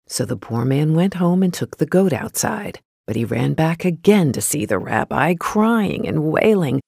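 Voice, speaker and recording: A storyteller telling a folktale in a steady, gentle storybook narration. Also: medium pitch, a little slow, gravelly, hardly any pauses, breathy edge, no echo, clean studio sound.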